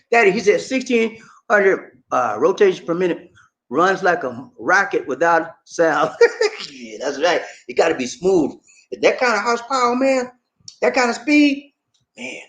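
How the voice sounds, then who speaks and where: A man hosting a casual live chat with a high-pitched voice that swings widely from low asides to excited peaks. He sounds laid-back and chatty as he reads viewer comments aloud and often calls people "man" and "buddy.". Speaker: livestream host reading viewer chat.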